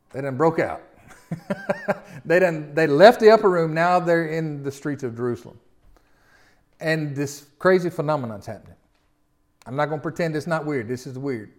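A man with a Southern American accent preaching a sermon, reading scripture slowly and explaining it in a folksy way with rhetorical questions. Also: a little high. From Southern United States. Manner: reads scripture slowly, then talks through it.

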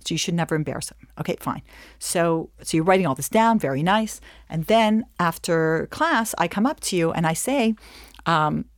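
A woman Jewish educator giving a lively lesson, acting out scenes as she tells stories. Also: lowish voice, normal speed, no room sound, studio quality. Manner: animated storyteller acting out scenes. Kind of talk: lively teaching talk.

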